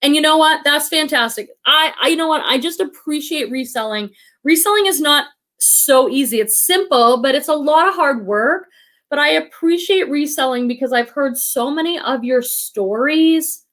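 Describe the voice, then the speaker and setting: A woman's voice: high voice, a bit bright. A middle-aged woman hosting a live stream, chatting casually, laughing often and talking through lots of fillers. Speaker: livestream host of a reselling channel. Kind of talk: casual live-stream chat reading comments.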